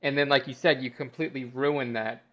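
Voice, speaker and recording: A man's voice: medium pitch, fairly even intonation, a little fast, highs cut off. A man in casual chat, rambling with lots of "you know" and "like". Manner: rambling, filler-heavy talk.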